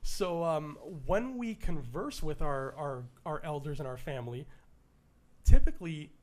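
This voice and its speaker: A man's voice: a little high, expressive, a little slow, darkish tone. A Canadian man co-hosting a podcast, chatting casually and enthusiastically, often stumbling and restarting his sentences. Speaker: podcast co-host.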